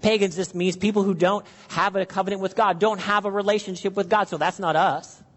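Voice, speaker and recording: A man's voice: sits high, fairly even intonation, fairly quick, big-room sound. A man preaching an earnest sermon, acting out worried questions and prayers to his listeners. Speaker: pastor.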